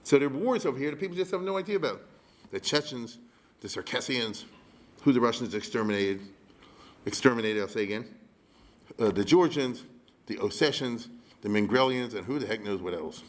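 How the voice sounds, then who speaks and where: A rabbi lecturing on history in a loose, conversational way. He keeps checking in with his listeners and slips in wry, humorous asides. His voice sits at an ordinary middle pitch for a man. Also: animated, a little fast. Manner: chatty, keeps checking in with the audience.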